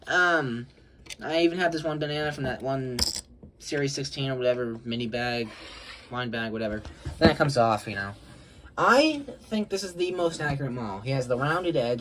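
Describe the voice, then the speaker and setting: A teenage boy shows off his Lego models in a casual, rambling vlog, chatty and self-conscious, often apologizing and giggling. His voice is medium-pitched and a bit bright, with a little hiss or hum in the recording.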